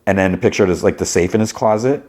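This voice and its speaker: A man's voice: sits low, fast talker, a little mellow. A man hosting a podcast, recapping a TV episode in a chatty way, full of "like" and "you know.". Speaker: podcast host.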